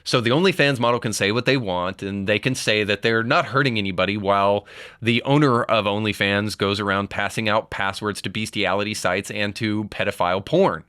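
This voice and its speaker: A man's voice: on the low side, fairly quick, pushed and bright, clean tone, dry recording, studio quality. A man hosting a commentary show, reading an article aloud and adding blunt, moralizing remarks with sarcastic asides.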